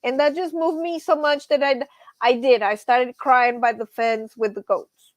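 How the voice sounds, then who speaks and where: A woman's voice: sits high, fairly even intonation, unhurried, dry recording. A middle-aged woman hosting a casual livestream, chatty, laughing often and greeting viewers from the chat. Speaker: livestream host.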